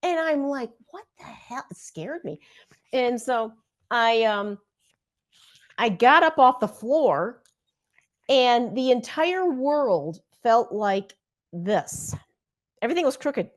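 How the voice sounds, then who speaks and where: Casual podcast host, a woman with a higher voice who acts out her stories loudly over a video call. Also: slow pace, pauses often. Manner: animated storytelling, acts out quotes loudly. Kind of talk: casual chat.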